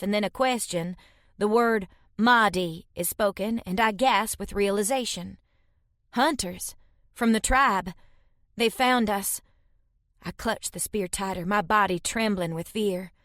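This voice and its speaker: A woman narrating a fantasy romance audiobook in first person, reading tensely and dramatically, voicing shouted dialogue. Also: mid-range voice, dry recording, clean studio sound.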